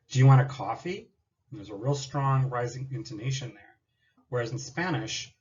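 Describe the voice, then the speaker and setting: A man's voice: mid-range voice, dull audio. Man explaining a teaching activity. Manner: explanatory, partly read, with occasional fillers. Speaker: student teacher presenting a class activity. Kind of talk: recorded class presentation.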